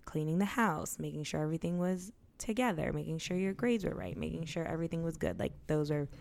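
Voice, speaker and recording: A woman's voice: sits low, fast, gravelly, a little mellow. A young woman co-hosting a podcast, talking candidly and casually, swearing and acting out quotes as she tells a story. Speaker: podcast co-host. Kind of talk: casual chat.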